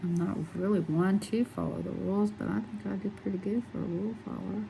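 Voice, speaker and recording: A woman's voice: medium pitch, steady tone, fast, vocal fry, dark tone, slight background noise, poor audio. A middle-aged woman chatting casually and rambling as she colors, laughing often. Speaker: coloring channel host. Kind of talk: casual chat while coloring.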